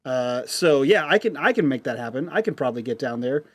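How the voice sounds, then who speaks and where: A man's voice: medium pitch, expressive, a little fast, no echo. A man playing his character in a tabletop role-play, joking and rambling with many restarts. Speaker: player.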